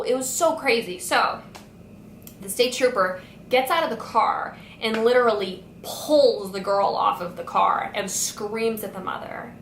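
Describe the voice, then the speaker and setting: This storytime vlog features a young woman with a mid-range voice speaking at a measured pace, recounting events animatedly and leaning heavily on "like." Faint noise sits under the echo of the room.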